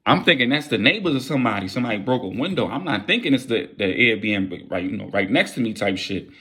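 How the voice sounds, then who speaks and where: A young man casually telling a wild story in a vlog, with animated, profane street slang. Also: fairly low pitch, fast talker.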